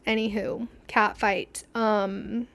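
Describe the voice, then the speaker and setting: A woman's voice: medium pitch, flat delivery, slow pace, a bit bright. A young woman hosting a podcast, telling stories in a rambling, casual way, laughing often and acting out what people said. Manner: chatty, rambling, laughs often, acts out quotes. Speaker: podcast host. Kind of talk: casual storytelling chat.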